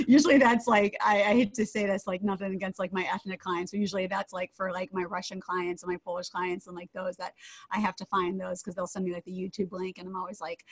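A woman's voice: medium pitch, steady tone, a little fast, dry recording. Woman DJ, casual chatter, laughs a lot, dry video-call audio. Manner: chatty, laughing often, rambling asides. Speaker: DJ co-host.

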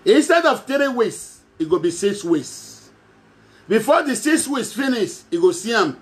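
A man with a Nigerian Pidgin accent from Edo State speaks straight to his followers in a high voice. He rambles and repeats phrases, often chuckling between lines. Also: big pitch swings, unhurried. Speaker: self-styled prophet addressing followers. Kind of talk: direct-to-camera monologue.

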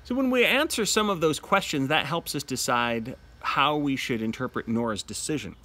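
A man teaching a literature lesson in an animated manner, acting out quotes from the play. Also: on the high side, moderate pace, slight background noise.

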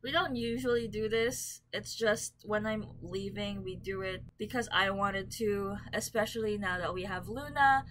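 Bright, bubbly young woman vlogging. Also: mid-range voice, moderate pace, hardly any pauses, slight background noise. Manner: chatty and bubbly, frequent ums and likes. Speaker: book vlogger. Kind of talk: casual vlog chat. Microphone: camera mic.

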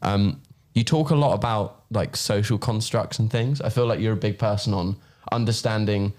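A man's voice: lowish voice, moderate pace, a little mellow. A young man hosting a podcast, asking long rambling questions full of fillers. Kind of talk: casual chat.

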